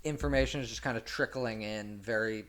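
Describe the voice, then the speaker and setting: A man's voice: fairly low pitch, a little fast, a bit bright. A man talking about filmmaking as a guest in casual chat, rambling and filling gaps with "like". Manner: rambling, heavy use of 'like'. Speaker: film director guest.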